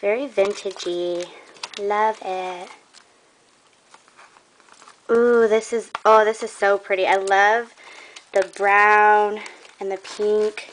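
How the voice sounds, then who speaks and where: A woman's voice: mid-range voice, flat delivery, takes it slowly, pauses often, a little hiss or hum. A young woman showing off a craft trade in a casual vlog, gushing and admiring, a bit out of breath.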